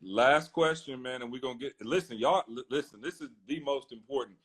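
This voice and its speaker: A man's voice: mid-range voice, brisk, fairly bright tone, slightly rough. A man hosting a casual live-stream chat, hyped and promotional, acting out viewers' questions. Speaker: host. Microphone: phone on a live stream.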